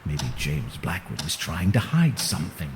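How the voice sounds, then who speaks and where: An actor playing a stubborn young writer in a game, earnest and defiant on a phone call. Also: male voice, rumbling low, big pitch swings, moderate pace, exaggerated voice. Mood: determined. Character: stubborn young male writer investigating a murder. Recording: loud background hiss.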